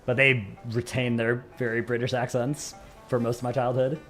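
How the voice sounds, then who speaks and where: A man's voice: mid-range voice, little pitch movement, normal speed, fairly bright tone, soft background music. A man from the United States, chatting casually on a live stream, rambling and joking at his own expense. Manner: rambling, self-mocking, joking. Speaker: streamer answering chat.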